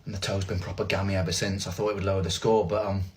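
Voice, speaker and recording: Male streamer, wry self-mocking chat, low voice, faint background hiss. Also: flat delivery, racing. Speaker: streamer in a played clip. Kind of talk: casual chat to viewers.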